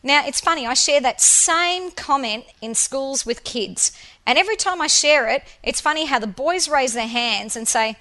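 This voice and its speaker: A woman giving a motivational presentation, telling stories with lively emphasis and repetition. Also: sits high, normal speed. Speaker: motivational speaker.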